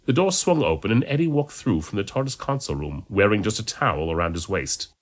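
A man narrating a story in an amateur audiobook reading, with expressive storytelling. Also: on the low side, quick pace.

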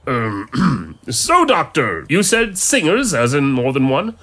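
A man's voice: medium pitch, wildly swooping pitch, takes it slowly, a bit bright, voice pushed up, full character voice. A man voicing a cheeky, laid-back young male companion in an amateur audiobook reading. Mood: flustered.

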